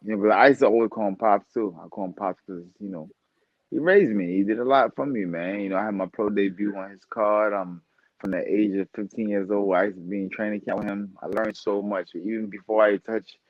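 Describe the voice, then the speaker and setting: A boxer talking casually as a podcast guest, animated and profane, often laughing. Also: male voice, fairly low pitch, a little fast, no room sound, highs cut off. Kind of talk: casual interview talk.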